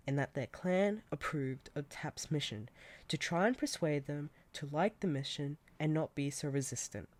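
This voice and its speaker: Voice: mid-range voice, darkish tone. A storyteller earnestly narrating a second-person fan story set in a game world.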